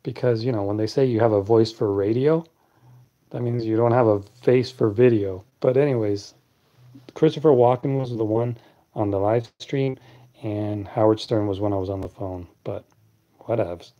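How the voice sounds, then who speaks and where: A man with a deep, clear voice hosts a late-night live stream and chats easily with his viewers. His tone is dark and mellow. The recording sounds a bit dull and lo-fi. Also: normal speed. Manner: relaxed, chatty, answers viewers by name.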